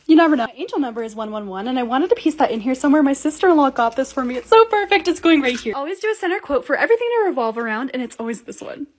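Chatty young woman, high lively voice. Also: very fast, few pauses, a little hiss or hum. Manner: chatty, upbeat, self-mocking. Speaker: lifestyle vlogger. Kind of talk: casual vlog voice-over. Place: home bedroom and bathroom.

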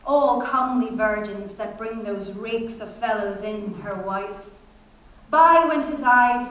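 A woman's voice: fairly high pitch, slow pace. A woman giving a dramatic, rhythmic literary reading on stage. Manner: musical, rhythmic, playing with sounds. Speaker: stage reader. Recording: very echoey hall, distant mic.

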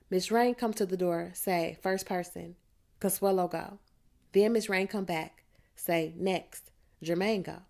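A woman reading a first-person audiobook, narrating in a steady street-dialect teen voice. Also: fairly low pitch.

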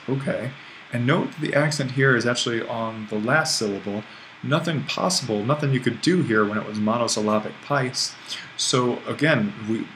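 A man's voice: on the low side, fairly bright tone, a little hiss or hum, low-quality recording. A man teaching a recorded online language lesson, explaining at an easy pace with restarts and small self-corrections. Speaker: Greek language instructor.

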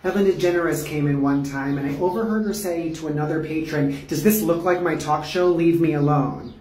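A man's voice: on the high side, normal speed, a little mellow, breathy edge, rough recording. Sassy gay man telling petty stories. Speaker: storyteller. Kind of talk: comedic storytelling.

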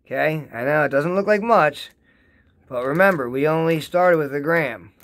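Excitable rambling man demoing at home. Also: fairly high pitch, normal speed, dry recording. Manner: excitable, rambling, repeats himself. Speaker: home rosin-press vlogger. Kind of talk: casual how-to demo. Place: home basement.

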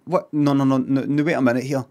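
A man's voice: mid-range voice, flat delivery, fast talker, warm tone. Sweary Scottish man musing aloud. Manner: rambling, repetitive, sweary musing. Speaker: streamer. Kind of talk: casual live-stream reaction.

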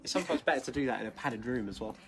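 A woman's voice: extremely low pitch, racing, soft background music. A woman, a dance teacher, chatting casually outdoors on a live stream with dry joking asides. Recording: noisy outdoor stream audio.

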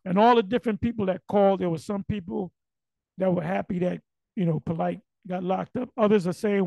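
High, gravelly man, blunt and profane. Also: fairly even intonation, a little fast, no room sound, muffled recording. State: losing his voice. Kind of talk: casual monologue.

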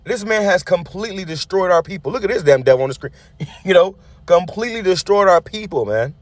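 His voice sits high and animated, and he speaks fairly quickly with no echo. The man, a street preacher, rants over a news clip in an angry sermon style, cursing bluntly, starting over often and repeating a pet tag word.

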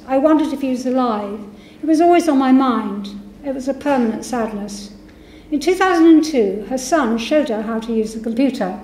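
A woman's voice: high-pitched, warm tone, slight background noise. A woman giving a public university lecture, reading testimonies aloud and voicing the quoted speakers. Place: lecture hall. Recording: echoey lecture hall.

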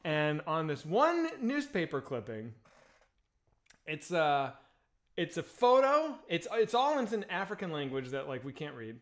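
Animated man telling a story. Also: on the high side, unhurried. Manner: animated, lots of fillers and laughs, swears freely. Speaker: podcast co-host. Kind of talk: casual storytelling chat.

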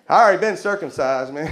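A man's voice: a little high, background noise. A Texan man doing a stand-up set in a comedy club, drawling and laughing through his own jokes. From Texas. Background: audience laughter.

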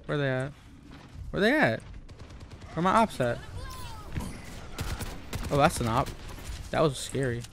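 A young man excitedly commentating his own gameplay, trash-talking and pleading with teammates. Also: mid-range voice, a little slow, gravelly, pauses often, a little hiss or hum. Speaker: gamer streaming gameplay.

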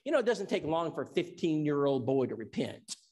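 A man's voice: fairly high pitch, sing-song, brisk, a little mellow. A man from Tennessee who teaches an evangelism seminar. He preaches in an emphatic storytelling style and acts out the dialogue. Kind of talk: sermon.

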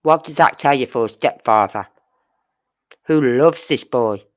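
A true crime host talks through a case in a casual, unhurried way, taking each point slowly. The delivery is sarcastic and full of rhetorical questions, with blunt, crude slang. The voice sits at a middling pitch.

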